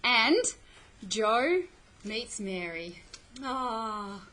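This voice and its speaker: Slow, bright-voiced woman teacher. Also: on the high side, expressive, low-quality recording. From Australia. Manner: slow, patient, checks understanding with "okay?". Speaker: English teacher. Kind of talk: explaining a play to students.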